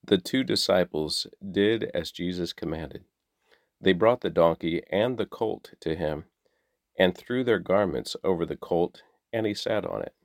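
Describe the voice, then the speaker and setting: A man reading the daily Bible passages aloud in a measured, steady way. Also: low-pitched, creaky, no room sound, clean studio sound. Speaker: Bible reader.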